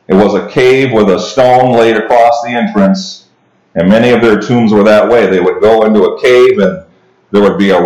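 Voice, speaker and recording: A pastor with a lowish, slightly mellow voice preaches an expository sermon, reading scripture and explaining it conversationally. He restarts at times and makes asides to the congregation, and the recording has a roomy echo.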